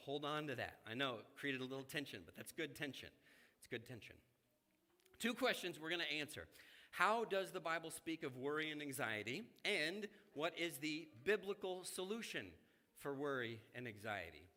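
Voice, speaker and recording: A man preaching a sermon to his congregation in a conversational, animated way, speaking to them directly. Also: a little high, normal speed. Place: church sanctuary. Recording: church hall reverb.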